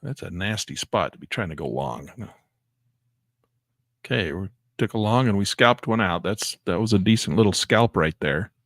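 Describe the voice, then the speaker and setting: A man giving excitable live commentary on his day trades, talking to himself and exclaiming as prices move. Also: low-pitched, normal speed, dry recording, clean studio sound. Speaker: day trading educator.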